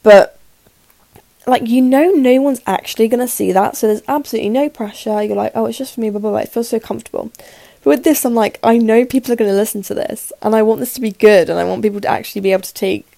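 An eighteen-year-old woman with a sore throat, rambling nervously and quickly in a casual solo podcast chat, with lots of fillers. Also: fairly high pitch, vocal fry, dark tone, no echo. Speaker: podcast host. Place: her room in the evening.

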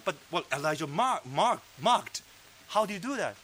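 A man preaching a sermon, fervent and emphatic, sometimes dropping to a low hush. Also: big pitch swings, moderate pace, a little hiss or hum. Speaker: pastor. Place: fellowship meeting hall.

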